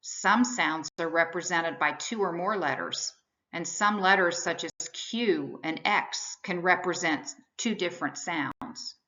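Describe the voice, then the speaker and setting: A woman narrates a scripted lesson in a measured, explanatory manner, with a low-ish, bright and crisp tone. She speaks slowly. The recording sounds a little dull and lo-fi. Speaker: reading instructor. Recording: slightly dull, lo-fi voice-over.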